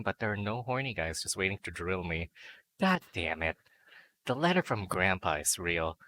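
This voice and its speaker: A man's voice: deep voice, very animated, moderate pace, sharp tone, a little hiss or hum. A man streaming a dating sim, reading the story aloud and breaking in with playful, crude jokes and silly noises. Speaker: VTuber game streamer.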